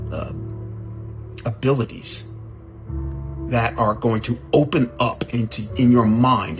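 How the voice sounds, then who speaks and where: A man giving a casual, conversational sermon, animated and given to repeating his words. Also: medium pitch. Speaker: speaker.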